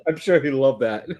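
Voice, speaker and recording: A loud man, joking brashly in a casual chat as co-host. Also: medium pitch, highs cut off. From New York.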